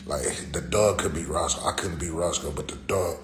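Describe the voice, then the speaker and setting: Man, live streamer, very low voice, slangy and profane, laughs a lot, echoey room. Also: moderate pace, a bit bright. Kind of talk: casual live-stream storytelling. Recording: roomy echo with faint noise.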